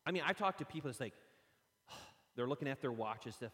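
A man preaching a sermon, telling lively personal stories and acting them out. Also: mid-range voice, fairly quick. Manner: animated storytelling, acts out his own stories. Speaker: pastor. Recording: long hall reverb.

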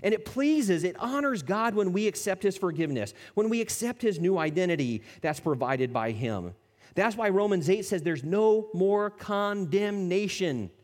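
A man preaching a sermon as a pastor, animated, acting out the people he quotes and dropping to soft, intimate tones. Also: high voice, moderate pace. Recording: long reverb of a church hall.

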